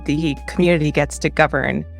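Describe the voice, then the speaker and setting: Chatty Chicago woman host, low voice. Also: steady tone, brisk, creaky, faint music behind. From Chicago, US Midwest. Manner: chatty, self-deprecating, laughs often. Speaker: crypto video host. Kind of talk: casual explainer chat.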